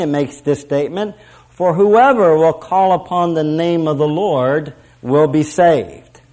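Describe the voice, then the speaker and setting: Delivering an emphatic sermon, a middle-aged man keeps returning to his key phrases and slows down on the lines meant to hit home. His voice is pitched somewhat higher than the typical man's and has a darkish tone.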